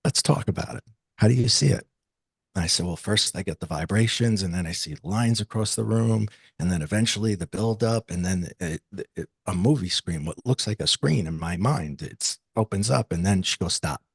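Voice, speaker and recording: A man's voice: low-pitched, normal speed, gravelly, breathy edge, no echo, studio quality. A man, as an interview guest, telling a personal story in an earnest, confessional way and acting out the dialogue.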